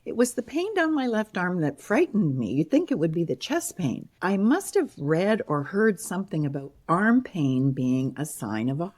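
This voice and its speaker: Low-voiced older woman telling her story. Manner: animated storytelling with laughs, acting out quotes. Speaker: guest, heart attack survivor and author. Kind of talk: conversational storytelling interview.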